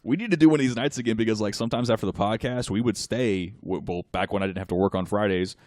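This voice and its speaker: Man, podcast co-host, rambling casual storyteller, low voice, dry sound. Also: quick pace, darkish tone, no room sound. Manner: rambling storyteller, many fillers. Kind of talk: casual chat.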